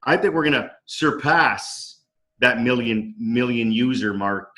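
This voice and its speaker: A man's voice: mid-range voice, a little slow, bright, forceful tone, poor audio. A man in casual storytelling on a video call from his dining room, enthusiastic and acting out quoted dialogue. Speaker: company co-founder. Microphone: video call microphone.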